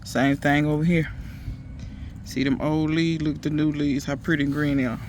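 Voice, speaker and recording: A man's voice: fairly high pitch, little pitch movement, moderate pace, slight background noise. A man in a casual gardening vlog, chatty and emphatic, talking to viewers outdoors in his garden. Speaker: home gardener.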